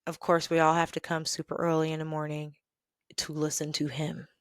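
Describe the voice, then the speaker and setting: A woman hosting a podcast, telling a workplace story in an animated, exasperated way and laughing now and then. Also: low-pitched, a little fast, clear, resonant tone, no echo, studio quality. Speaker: podcast host. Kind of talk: storytelling rant.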